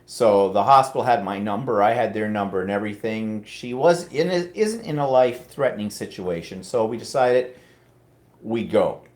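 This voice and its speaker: A man's voice: lowish voice, expressive, moderate pace. A middle-aged Canadian man with a Canadian accent, chatting casually on a live stream and reading out viewer comments.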